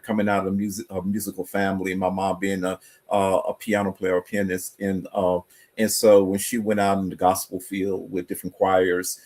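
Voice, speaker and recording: A man's voice: low voice, flat delivery, normal speed, hardly any pauses, a little mellow. A man from North Carolina, a guest guitarist with a North Carolina accent, answering interview questions in an easygoing, thoughtful way.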